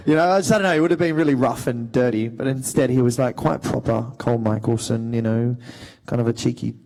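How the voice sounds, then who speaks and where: A man's voice: medium pitch, brisk. Chatty Australian man telling stories. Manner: animated storyteller, many fillers. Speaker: actor, panel guest. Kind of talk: anecdotal panel talk.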